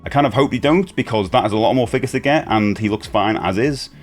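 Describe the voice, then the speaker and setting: A man's voice: on the low side, fast, faint music behind. A man, chatting casually and enthusiastically while unboxing a collectible toy, rambling with frequent restarts. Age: 40s.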